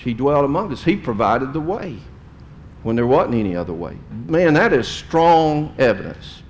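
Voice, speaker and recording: A middle-aged man preaching a sermon to his congregation, speaking emphatically and swelling louder and higher on key points. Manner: addresses the congregation directly. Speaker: pastor. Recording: long hall reverb.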